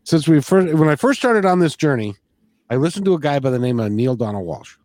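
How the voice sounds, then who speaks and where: A man's voice: fairly high pitch, very animated, fast, a little mellow, no echo. A man hosting a spiritual conversation, earnest, often repeating words as he thinks. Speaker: podcast host.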